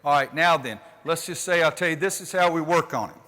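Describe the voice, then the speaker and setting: A man's voice: fairly high pitch, a little fast, bright, forceful tone, long reverb tail. An older man, a basketball coach, running a clinic demonstration with a folksy manner and calling out instructions to players. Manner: folksy, directs players on court with calls. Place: gym court.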